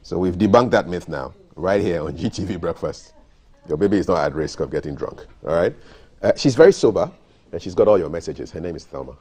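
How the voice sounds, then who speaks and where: A man hosts a morning TV show, putting questions to a guest in an easy, conversational way. His voice is extremely deep and dark, and he keeps the talk moving with short affirmations. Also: animated. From Ghana. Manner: conversational, affirming, quick interjections. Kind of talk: studio interview on a morning TV show.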